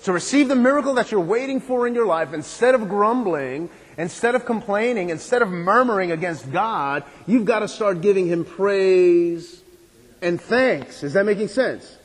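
A man preaching with a high voice, leaning on repeated phrases and rhetorical questions. His words ring out with a long reverb trailing behind them. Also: animated, normal speed. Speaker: pastor. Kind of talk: sermon.

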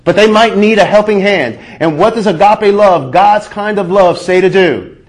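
High-voiced man preaching a slow sermon. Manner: slow emphatic delivery with rhetorical questions. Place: shelter chapel.

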